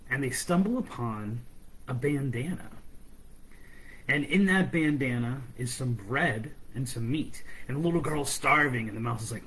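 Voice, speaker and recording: A man's voice: mid-range voice, fairly bright tone, a little hiss or hum, poor audio. A man hosting a podcast, retelling a fairy tale in a chatty, conversational way. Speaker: podcast host, storyteller. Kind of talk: casual storytelling.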